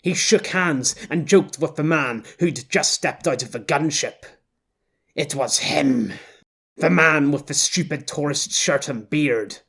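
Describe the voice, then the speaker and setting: A male audiobook narrator with a husky, slightly breathy voice, sitting a touch above the usual male range. He reads in a measured, intense way. The narration is scripted and steady. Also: on the high side.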